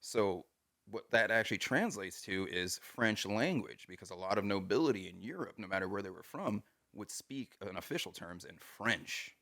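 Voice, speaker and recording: A man with a very low, gravelly voice and a bright, forceful tone, chatting casually on a podcast. He explains things at length and keeps dropping "you know" and "like". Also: expressive, normal speed. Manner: explains at length with many fillers. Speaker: podcast co-host. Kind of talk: casual chat.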